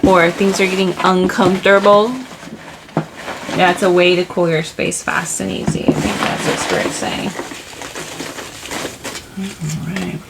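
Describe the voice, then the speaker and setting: A woman talks through a spiritual tarot reading in a relaxed, wandering way. Her voice sits slightly low with a gravelly fry. There is a faint hiss of noise behind her as she searches for words between frequent "likes.". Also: unhurried, pauses often. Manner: rambling, searching for words, full of "like" and "you know". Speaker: tarot reader.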